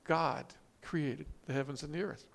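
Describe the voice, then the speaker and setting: A man's voice: on the high side, steady tone, a little slow, gravelly. A man preaching a sermon, reading scripture and quotes with emphatic, rising stress and frequent restarts. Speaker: pastor.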